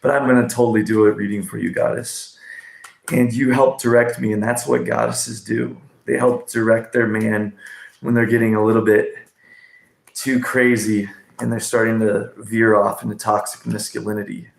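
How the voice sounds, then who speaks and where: A man's voice: fairly low pitch, little pitch movement, moderate pace, creaky, reverberant. A man hosting a livestream oracle card reading, ranting and rambling with profanity and pet names for viewers. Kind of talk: casual livestream chat.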